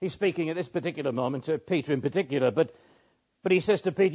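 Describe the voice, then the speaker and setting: A man preaching a measured expository sermon, with pauses and small restarts. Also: on the high side, a little mellow, slightly rough. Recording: muffled lo-fi sermon recording.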